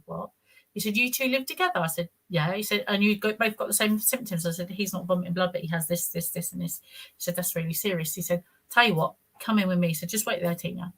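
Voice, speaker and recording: A woman with a lowish voice and a sharp tone tells her own story casually and in a rambling way, repeating words and acting out what other people said.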